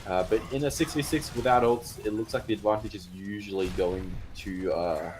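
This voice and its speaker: Excitable esports caster, low voice. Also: male voice, normal speed, slight background noise. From Australia. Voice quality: excitable, chatty, jumps into loud cheers. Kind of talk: live esports play-by-play commentary.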